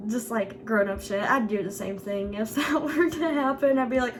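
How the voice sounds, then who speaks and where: A woman's voice: high-pitched, measured pace, a little hiss or hum. A young woman vlogger casually telling a school story, chatty and laughing often. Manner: giggly, laughs through the story; chatty with frequent "like" fillers.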